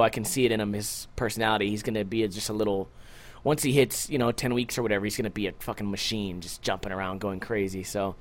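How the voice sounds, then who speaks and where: A young adult man hosting a casual solo podcast, rambling loosely with lots of swearing and jokes, tired from a short night's sleep. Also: fairly low pitch. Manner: loose, profane, rambling and joking. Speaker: podcast host.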